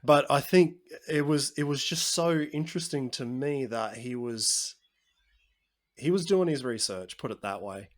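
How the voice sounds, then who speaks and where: A man hosting a podcast, telling a story in casual chat with animated asides. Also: medium pitch, unhurried. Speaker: podcast host.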